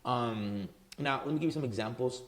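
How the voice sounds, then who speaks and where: A man's voice: mid-range voice, moderate pace. A man running a marketing business, giving casual advice straight to camera in a loose, conversational way, tagging his points with "right?" and plenty of "um"s. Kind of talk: casual talking-head advice.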